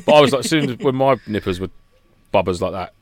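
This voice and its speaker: A man's voice: fairly low pitch, lively intonation, quick pace, a little hiss or hum. A man co-hosting a casual podcast, rambling and teasing his co-hosts. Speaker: podcast co-host. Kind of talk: casual chat.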